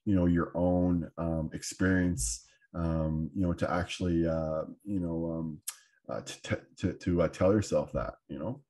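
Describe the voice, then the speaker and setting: A man's voice: deep voice, fairly even intonation, measured pace, warm tone. A Canadian man hosting a podcast, chatting casually and hesitantly with lots of fillers and restarts. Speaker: podcast host. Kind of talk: casual conversation.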